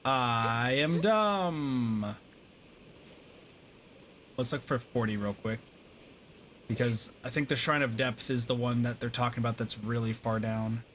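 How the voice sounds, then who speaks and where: A man's voice: mid-range voice, measured pace, long pauses, a bit bright, slight background noise. A man streaming a game, giving casual, rambling, self-deprecating commentary with lots of fillers.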